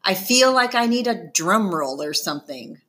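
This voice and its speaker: A woman reading a storybook aloud, voicing an excitable male schoolteacher with a slow, theatrical delivery. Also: mid-range voice. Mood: eager.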